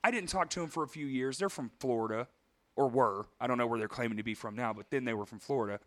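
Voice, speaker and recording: A man co-hosting a casual podcast, swearing freely and telling lively stories about bands. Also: mid-range voice, fast talker. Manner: profane, animated, acts out quoted voices. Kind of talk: casual chat, storytelling.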